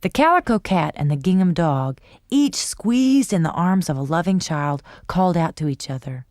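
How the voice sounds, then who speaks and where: Woman reading a lively bedtime story. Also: lowish voice, moderate pace, no room sound, studio quality. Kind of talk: bedtime story read-aloud.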